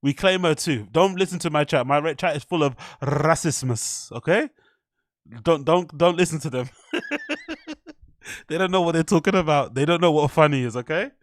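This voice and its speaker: A young man chats through a live stream in a loose, laughing way, swearing as he goes. His voice sits fairly high for a man. The sound is close and dry. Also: normal speed, dry recording. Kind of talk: casual stream commentary.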